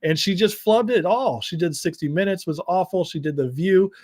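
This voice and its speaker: A man's voice: high voice, moderate pace, darkish tone. A man hosting a live political commentary stream, reading headlines and viewer comments with sarcastic asides and frequent laughs. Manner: sarcastic, reads headlines and chat aloud, laughs often. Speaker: political commentary show host.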